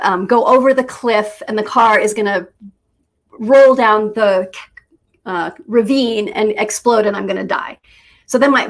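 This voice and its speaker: Brief: woman spiritual teacher, mid-pitched, unhurried storytelling with pauses. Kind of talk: reflective teaching talk with personal story.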